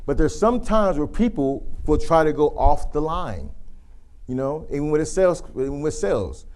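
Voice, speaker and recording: A man presenting a leadership communication workshop to a live group, telling animated stories and acting out the people he quotes. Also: fairly high pitch, moderate pace. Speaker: youth football coach.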